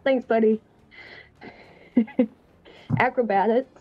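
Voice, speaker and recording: A woman's voice: a little high, steady tone, takes it slowly, no echo. Giggly woman player, dry muffled sound. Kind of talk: casual tabletop game play.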